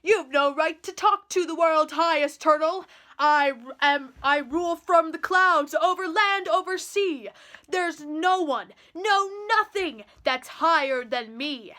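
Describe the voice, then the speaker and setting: A woman's voice: sits high, slow, sharp tone, exaggerated voice. A woman voicing a pompous, boastful male turtle king who bellows his commands. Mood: furious.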